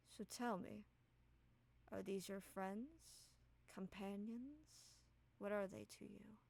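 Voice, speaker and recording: A woman voicing a tall, looming woman who speaks softly but with authority, in a hushed, measured way during a tabletop game. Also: medium pitch, gravelly.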